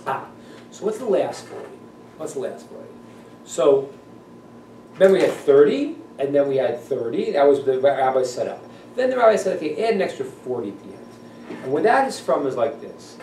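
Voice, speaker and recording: A male rabbi teaching a class in an animated manner, acting out voices and laughing often. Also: medium pitch. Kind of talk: class lecture. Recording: echoey room, voice from a distance, faint noise.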